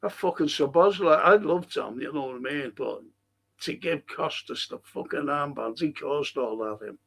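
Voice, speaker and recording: A man's voice: a little high, normal speed, gravelly, fairly bright tone. A man with a Liverpool accent hosting a fan stream, rambling through viewer comments, swearing freely and laughing at his own stories. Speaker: host of a fan live stream. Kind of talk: casual chat reading viewer comments.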